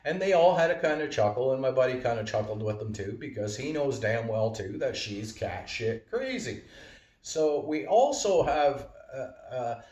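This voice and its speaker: Man, rambling casual monologue, mid pitch, echoey room, sitting back from the mic. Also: expressive, moderate pace, darkish tone. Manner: rambling, lots of fillers and wordplay. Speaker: vlogger. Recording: roomy, distant from mic.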